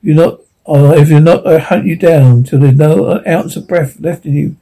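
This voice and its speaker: A man's voice: a little high, normal speed, dark tone, poor audio. A man playing a rusty-voiced threatening stag. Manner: rusty, commanding. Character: aggressive rival male stag, threatening. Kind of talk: audiobook character reading.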